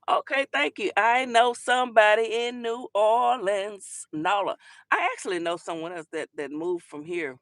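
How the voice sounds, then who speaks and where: A woman's voice: mid-range voice, normal speed, a bit bright, no room sound, studio quality. A woman hosting a casual talk show, chatting and giving sassy commentary on viral clips, calling listeners honey and baby.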